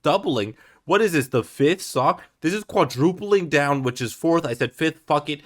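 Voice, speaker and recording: A music reaction host whose first language is German delivers casual commentary in a voice on the high side. His tone is exasperated and mocking.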